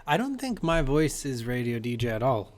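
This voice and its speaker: A man co-hosting a podcast, talking in a laid-back, dry and teasing way with a low, smooth voice. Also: big pitch swings, normal speed, a crowd in the background. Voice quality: low and smooth, by his own account. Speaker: podcast co-host. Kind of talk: casual chat.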